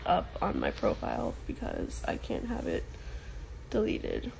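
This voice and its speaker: A young woman on a phone live stream, speaking haltingly and close to tears about a painful relationship. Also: lowish voice, wildly swooping pitch, creaky, a little mellow, a little hiss or hum, rough recording. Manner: tearful, halting. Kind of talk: emotional live-stream confession.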